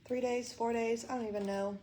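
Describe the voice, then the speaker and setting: Young woman vlogger, hospital room, angry and swearing as she vents; level, monotone voice. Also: fairly high pitch, a little fast, slight background noise, poor audio. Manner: frustrated, swearing, quoting others in dialogue. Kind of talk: venting to camera.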